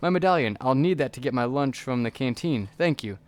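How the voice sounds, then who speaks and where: A man reading the lines of a brisk female inventor in a steampunk text game, chatty and wry. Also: mid-range voice, animated, lightly acted.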